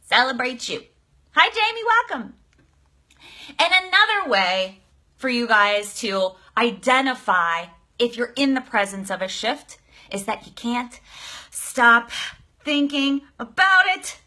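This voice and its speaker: Brief: high, bright-toned woman coach, energetic live-stream delivery, exclamatory, casually profane. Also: unhurried. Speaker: life coach.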